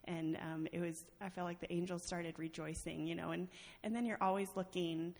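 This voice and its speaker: A woman addresses a church congregation with her personal testimony, chatting through the story with plenty of laughter and fillers. Her voice sits on the low side, steady, moderately paced, a little mellow and touched with vocal fry, and the sanctuary gives it a long hall reverb.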